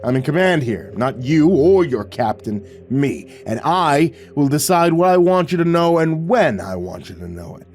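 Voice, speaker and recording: A man's voice: fairly high pitch, sing-song, moderate pace, hardly any pauses, a little mellow, faint music behind, voice pushed up. A man voicing a barking, sneering military commander. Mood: menacing. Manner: barking orders, mocking.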